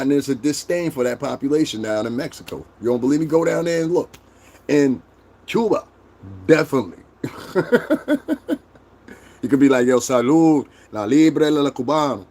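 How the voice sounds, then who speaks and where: A man's voice: fairly high pitch, lively intonation, moderate pace, gravelly, pauses often, dark tone. A man hosting a livestream, ranting bluntly and profanely and roasting his chat. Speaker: livestream host. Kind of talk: casual livestream rant.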